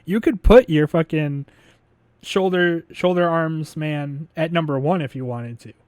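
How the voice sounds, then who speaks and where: Joking, loose man co-hosting remotely, slightly high voice, dry close sound. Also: unhurried, a little mellow, dry recording. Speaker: podcast co-host. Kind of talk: casual chat over a call. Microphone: remote call mic.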